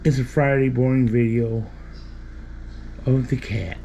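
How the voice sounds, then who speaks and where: A man's voice: mid-range voice, steady tone, a little slow, mellow. A man talking to his pet cat in a casual home video, teasing and affectionate. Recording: dull lo-fi home recording, faint background noise.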